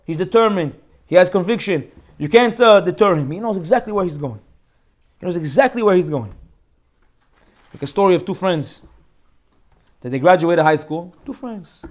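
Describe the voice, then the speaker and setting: A man teaching an informal Torah class as a rabbi, animated and joking as he acts out the people in his stories. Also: high voice, normal speed, pauses often.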